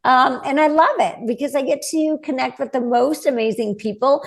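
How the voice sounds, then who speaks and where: A woman's voice: high voice, moderate pace, vocal fry. A woman in her forties, a guest medium, telling her story earnestly in a casual interview and acting out the voices she quotes.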